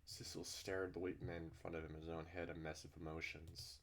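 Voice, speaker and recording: A deep-voiced man narrating a visual novel and breaking off into exasperated commentary. His remarks come out blunt and sweary, a read-through peppered with frustration. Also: level tone, fairly quick. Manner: exasperated, profane outbursts. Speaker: let's-play host reading a visual novel.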